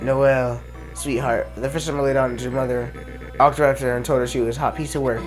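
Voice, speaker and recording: A man's voice: medium pitch, level tone, quick pace, faint music behind, natural voice. A man voicing a joking, bedridden middle-aged reindeer father in an easygoing, teasing way.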